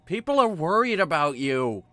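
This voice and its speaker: A man's voice: on the high side, very animated, moderate pace, crowd noise. A man hosting a comedic movie-riffing stream, joking and theatrical in a mock lecture.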